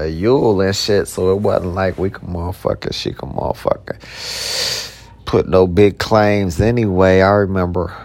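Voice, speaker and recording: A man with a deep, gravelly voice tells loose personal stories at an unhurried, drawn-out pace. His talk is slangy and full of profanity, circling back on words as he goes. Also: darkish tone. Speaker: podcast host. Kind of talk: casual storytelling monologue.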